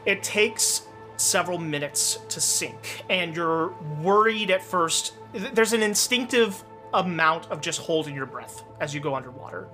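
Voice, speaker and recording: A man's voice: a little high, animated, a little slow, pushed and bright, soft background music. A man narrating a tabletop game as game master, loose and descriptive with many fillers.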